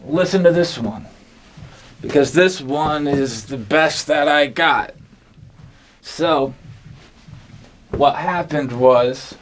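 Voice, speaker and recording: A man hosting an absurd comedy monologue, rambling and deadpan. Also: mid-range voice, slight background noise. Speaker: comedian host.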